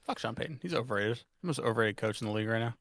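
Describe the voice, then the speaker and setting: A man's voice: medium pitch, rapid-fire, vocal fry, fairly bright tone, no room sound, studio quality. A man co-hosting a sports podcast, blunt and swearing, laughing often in casual chat. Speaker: podcast co-host.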